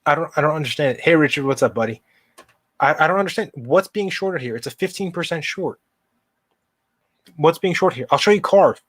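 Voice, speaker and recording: A man's voice: fairly high pitch, lively intonation, fairly quick, pauses often, dry recording. A man hosting a live stock market stream, talking viewers through charts in an impassioned, emphatic way and answering chat. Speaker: livestream stock market host.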